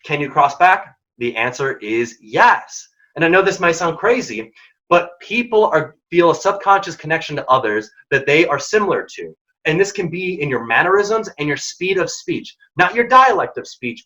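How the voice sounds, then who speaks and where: A young man with a fairly high, sharp voice hosts a workshop, offering direct, emphatic career tips in casual language. He is the workshop host and founder of a mentoring program, and this instructive talk was captured as dull lo-fi audio.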